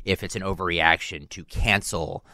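A man co-hosting a radio show talks in a hesitant, careful way. His voice is fairly low but bright and sharp, and the studio sound is close and dry. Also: fairly even intonation, moderate pace, dry recording. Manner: hesitant, cautious. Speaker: radio producer and co-host. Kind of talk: casual radio talk.

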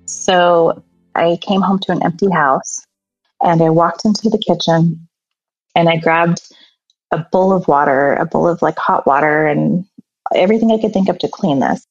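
Earnest woman with a gravelly edge. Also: fairly low pitch, moderate pace, dry recording. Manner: earnest, candid, emotional retelling. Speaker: storyteller. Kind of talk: personal story told to an audience. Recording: slightly dull sound, faint music behind.

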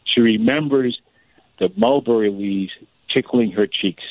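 A man, a guest author, telling a family story in a radio interview, animated and often repeating words as he goes. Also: medium pitch, a little slow, creaky, no echo. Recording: tinny phone line.

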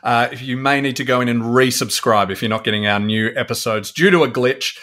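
A man's voice: mid-range voice, a little fast, sharp tone. A middle-aged man with an Australian accent, co-hosting a casual podcast, easygoing and rambling, with many fillers. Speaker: co-host. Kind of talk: casual chat.

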